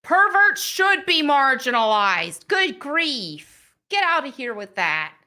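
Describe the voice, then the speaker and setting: A high, bright-voiced woman hosting a live commentary show. She talks at an unhurried pace and comes across blunt and sarcastic while reacting to what she reads. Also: sing-song. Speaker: livestream show host.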